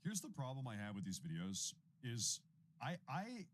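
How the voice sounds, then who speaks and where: A man in his thirties hosts a casual independent news livestream, his mid-range voice swooping wildly in pitch at a moderate pace. He rambles and repeats himself while reacting to clips and thanking viewers for super chats, with background noise audible.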